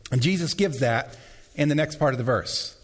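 A man's voice: mid-range voice, animated, moderate pace. A man preaching a sermon as pastor, losing his voice, speaking emphatically and repeating key phrases. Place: church sanctuary. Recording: long hall reverb.

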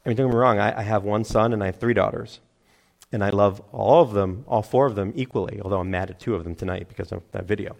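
A middle-aged man preaching a sermon, animated, acting out crowd voices and laughing at himself. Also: lowish voice, fast, vocal fry. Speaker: pastor.

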